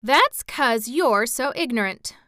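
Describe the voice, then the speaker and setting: An earnest little girl in a storybook, eager and insistent, as a woman reader puts her on. The voice sits higher and brighter than the reader's own, smooth and resonant, unhurried, recorded dry and close. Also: lively intonation, no room sound.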